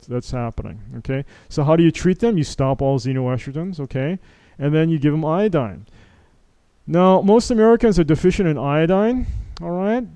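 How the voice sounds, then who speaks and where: Middle-aged doctor guy lecturing, mellow smooth voice, dry close sound, keeps saying okay? right?. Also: a little high, no echo. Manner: conversational, acts out patient dialogues, frequent "okay?" and "right?" tags. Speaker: physician lecturing. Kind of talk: informal medical lecture.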